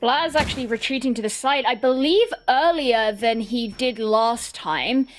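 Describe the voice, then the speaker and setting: A woman giving measured, analytical color commentary on an esports match. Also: a little high.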